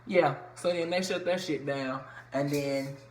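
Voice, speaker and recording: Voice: mid-range voice, steady tone, unhurried. A reviewer recapping a reality TV episode in loose, profane, chatty slang with lots of fillers. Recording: echoey room with faint background noise.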